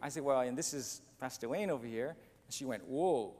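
A man's voice: mid-range voice, fairly quick, darkish tone. A man preaching a sermon as pastor, telling a self-deprecating story and acting out the other voices. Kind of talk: sermon with a humorous personal story. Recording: long church reverb, faint noise.

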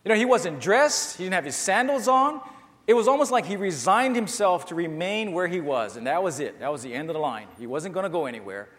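A man's voice: high-pitched, sing-song, brisk, fairly bright tone. A man preaches a sermon to his congregation in a somewhat raised voice, hammering his points with repetition. He speaks straight to his listeners, and his words ring out in a long-echoing church hall. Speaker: pastor.

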